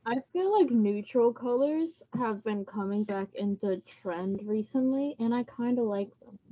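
A woman's voice: on the high side, moderate pace. A woman co-hosting a podcast in casual chat, playful and easygoing. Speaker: podcast co-host. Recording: slightly muffled podcast audio.

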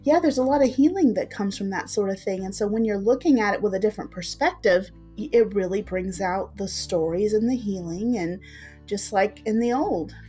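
A woman's voice: medium pitch, animated, normal speed, warm tone, faint music behind. A woman hosting an interview podcast, who asks questions in a supportive way and agrees often. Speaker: podcast host. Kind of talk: interview conversation.

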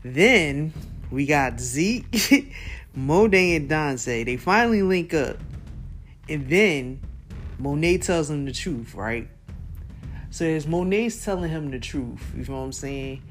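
A man's voice: a little high, animated, slow, fairly bright tone, soft background music. A man hosting a podcast, recapping a TV episode in a casual, slangy, profane way, laughing often and acting out his own reactions. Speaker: podcast host.

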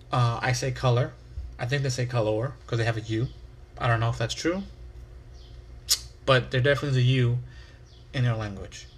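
A man's voice: mid-range voice, a bit bright, husky. A man from the United States hosting his own podcast, rambling casually, swearing and making fun of himself. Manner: rambling, profane, self-mocking. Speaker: podcast host.

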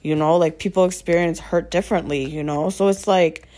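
A woman's voice: lowish voice, fairly even intonation, a little fast, dark tone. A woman talking off the cuff in a loose, rambling way, packed with filler words and swearing, often exasperated and asking rhetorical questions. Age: adult with children. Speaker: vlogger venting about her partner. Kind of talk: casual unscripted monologue.

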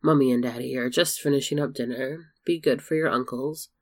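A man voicing a gentle young mother who speaks softly. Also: mid-range voice, fairly even intonation, a little fast, natural voice. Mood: tender. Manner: soft-spoken.

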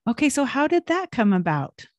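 A woman interviewer asking gentle, probing questions. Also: fairly high pitch, sing-song, normal speed, no room sound.

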